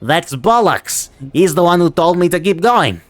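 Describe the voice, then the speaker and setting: A man voicing a desperate accused arsonist who shouts and pleads his innocence. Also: a little high, normal speed, no echo, voice pushed up, lightly acted.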